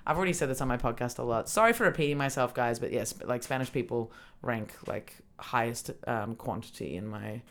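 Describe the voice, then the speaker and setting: A woman's voice: a bass voice, fairly quick, hardly any pauses. A young adult woman hosting a podcast, chatting casually and laughing often. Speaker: podcast host. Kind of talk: casual chat.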